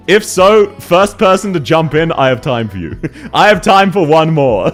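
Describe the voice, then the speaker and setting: A man's voice: on the high side, sing-song, fairly quick, soft background music. A young man streaming a game, chatting casually with viewers, laughing often and greeting people by name.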